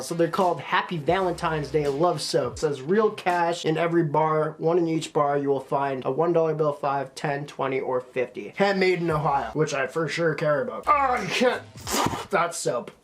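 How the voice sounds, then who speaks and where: A young man from Canada hosting a casual unboxing vlog, rambling and swearing, cold and a little tipsy. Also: fairly high pitch. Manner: laid-back, rambling, swears freely. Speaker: YouTuber host.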